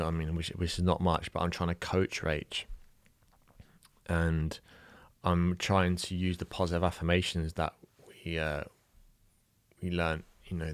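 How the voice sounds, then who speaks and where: Deep-voiced Irish man telling a story. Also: no room sound. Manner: halting, emotional, many restarts and fillers. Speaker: new father telling a birth story. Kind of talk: personal storytelling, casual.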